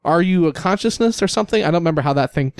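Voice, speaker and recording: A man co-hosting a comedy podcast, talking casually and thinking out loud. His voice is slightly high, recorded close and dry with no room echo. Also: animated, very fast, gravelly. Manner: conversational, musing, explains things. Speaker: podcast co-host.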